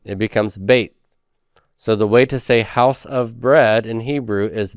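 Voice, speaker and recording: Slow, smooth-voiced male Hebrew teacher. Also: lowish voice, dry recording, clean studio sound. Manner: patient, repeats words slowly, checks in with "okay?". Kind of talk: recorded grammar lecture.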